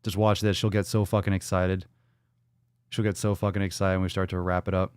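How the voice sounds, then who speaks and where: A man's voice: deep voice, little pitch movement, fairly quick, darkish tone, clear, resonant tone, dry recording, studio quality. A man hosting a daily fitness livestream podcast, talking casually with hype, profanity and playful catchphrases. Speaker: podcast host.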